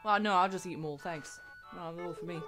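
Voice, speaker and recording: A woman giving casual gameplay commentary, excitable, swearing and laughing as she reads game dialogue aloud. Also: on the low side, quick pace, music in the background. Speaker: gaming video creator.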